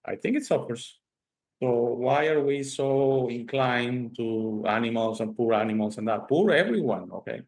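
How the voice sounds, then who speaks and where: A man's voice: medium pitch, moderate pace. Emphatic man with a Spanish first language. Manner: animated storytelling, frequent "okay?" tags, emphatic. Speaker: host. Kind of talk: casual conversation.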